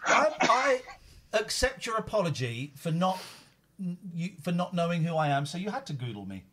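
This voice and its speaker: Lively, playful male host. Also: sits high, normal speed. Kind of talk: live call-in show.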